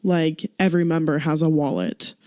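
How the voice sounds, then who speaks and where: A woman's voice: low-pitched, steady tone, moderate pace, mellow, dry recording, studio quality. A woman co-hosting a podcast, chattily recapping a variety show episode, giggling and acting out quotes. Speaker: podcast co-host.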